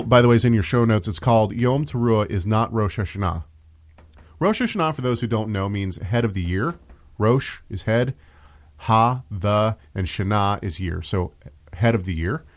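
Chatty podcast host man. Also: on the low side. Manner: chatty, restarts and asides, laughs easily. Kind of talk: casual podcast talk.

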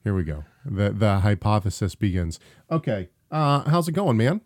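A podcast co-host with a voice on the low side rambles through announcements and banter on a casual talk show, often restarting himself and laughing easily. He sounds very animated and a little mellow at a normal speed. The recording is dry and studio quality.

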